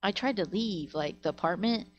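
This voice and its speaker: A woman's voice: mid-range voice, normal speed, lo-fi sound, slight background noise. A woman streamer casually telling stories to her live chat, rambling and full of fillers like "like", recorded on a webcam or desk mic at home. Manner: rambling, filler-heavy with frequent "like".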